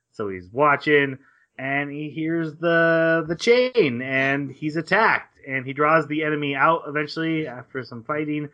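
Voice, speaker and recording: A man's voice: medium pitch, normal speed. A man co-hosting a podcast, casually recapping an anime and acting out the characters' lines. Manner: rambling retelling with acted-out quotes and laughs. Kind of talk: casual chat. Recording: dull lo-fi sound.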